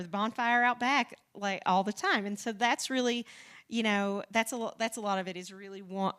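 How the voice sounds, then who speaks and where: A woman's voice: medium pitch, fairly bright tone, clean tone. A woman from the Southern United States, a podcast co-creator, talking as an interview guest in a rambling, chatty way, with frequent restarts and light laughs. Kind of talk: casual conversational interview.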